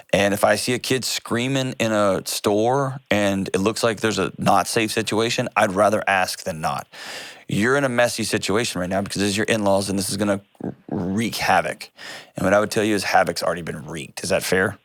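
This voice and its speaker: A man's voice: lowish voice, dry recording, clean studio sound. Earnest man hosting a call-in show. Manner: earnest, direct, with quick self-corrections and animated retellings. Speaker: advice show host. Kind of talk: call-in advice talk.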